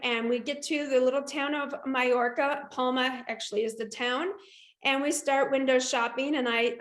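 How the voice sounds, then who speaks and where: A middle-aged woman guest telling a personal story in an interview, animated and lively, with frequent restarts. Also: sits high, reverberant. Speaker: guest entrepreneur.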